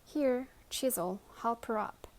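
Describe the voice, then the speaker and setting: A woman voicing a commanding male painted toy knight who gives loud orders. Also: fairly high pitch, takes it slowly, pitched above the performer's own voice.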